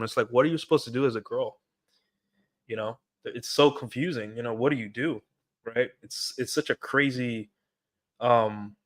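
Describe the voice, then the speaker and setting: A young man with an ordinary middle-pitched voice rambles through dating advice on a livestream. He talks straight to his viewers and keeps calling them guys. His talk is loose and full of fillers, with a lot of right and you know. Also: a bit bright. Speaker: streamer giving dating advice. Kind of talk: casual livestream monologue.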